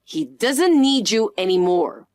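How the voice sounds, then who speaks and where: A synthetic woman's voice reading the lines of a spiteful middle-aged mother-in-law in an even, flat delivery. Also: a little high, takes it slowly, no echo, studio quality. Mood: scornful. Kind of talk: scripted story narration.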